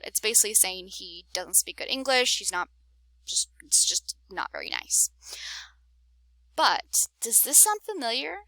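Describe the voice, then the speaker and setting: A woman's voice: mid-range voice, sharp tone, no echo. A woman reading a graphic novel aloud, stopping to explain the story to her listeners and shifting her voice for the characters. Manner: explains the story to listeners between read lines.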